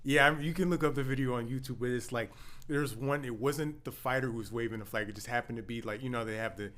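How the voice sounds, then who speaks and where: A man hosting a podcast, chatting casually in a quick, rambling way and groping for names as he tells a story. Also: mid-range voice, fairly bright tone. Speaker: podcast host. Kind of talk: casual chat.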